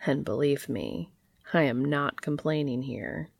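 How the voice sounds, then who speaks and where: A confident, playful man, as a woman reader voices him, talking low and hushed in a storybook reading. The voice is deep with a gravelly edge, recorded dry and close. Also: animated, unhurried, dry recording, full character voice.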